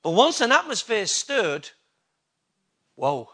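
Bright high-voiced male preacher. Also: huge pitch swings, takes it slowly, slightly rough. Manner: emphatic, rhetorical questions to the congregation. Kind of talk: sermon.

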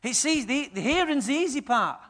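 A middle-aged pastor preaches to his church in a high, bright, forceful voice at a fairly quick pace. He tells lively stories, acting out the people in them, and swings between quiet, confiding asides and loud, punchy lines.

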